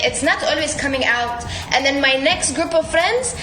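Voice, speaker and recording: A woman's voice: high voice, moderate pace, hardly any pauses, reverberant, soft background music. A woman whose first language is not English, with a Slavic accent that drifts between others, talking playfully to camera in a social media clip. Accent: Slavic, shifting between several accents. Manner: playful, animated and self-mocking.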